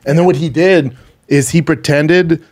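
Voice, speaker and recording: A man co-hosting a podcast in casual chat, animated as he quotes people in put-on voices. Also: a little high, measured pace. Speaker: podcast co-host.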